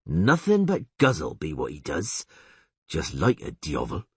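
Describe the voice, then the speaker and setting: Man reads elder, slow and earnest, husky. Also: rumbling low, huge pitch swings, no room sound, heavily acted. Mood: plodding. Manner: slow, plodding, folksy speech. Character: rustic old male peasant elder, slow and earnest.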